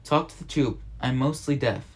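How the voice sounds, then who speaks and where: A bitter old lawyer who can barely hear bellows his answers in a loud, thick, gravelly voice, as a man reading a children's novel puts him on. He wheezes between words and turns every hopeful question into a gloomy lecture, with the weariness of a storybook cynic. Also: mid-range voice, normal speed, lightly acted. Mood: gruff bellowing. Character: gruff, half-deaf old male lawyer-detective. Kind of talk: audiobook reading.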